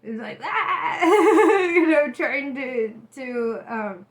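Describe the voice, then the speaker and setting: A high-voiced woman talks through a tarot reading for her viewers in a loose, casual way. She is chatty and animated, laughs often and swears freely. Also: drawn-out words. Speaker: tarot reader.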